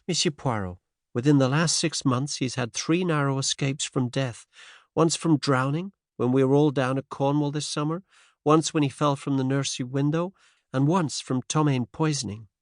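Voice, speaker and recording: A man's voice: mid-range voice, normal speed, dry recording, studio quality, pitched above the performer's own voice, natural voice. A man reading the part of a determined, worried American woman of about thirty in an audiobook. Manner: earnest, worried pleading.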